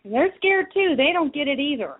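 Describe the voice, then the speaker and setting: An earnest woman on a call-in show, her voice sitting a little high for a woman and squeezed through a narrow, phone-like line. She talks in long loose runs, piling one thought onto the next. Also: big pitch swings, a little fast. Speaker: guest, advocacy group director. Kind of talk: casual call-in chat.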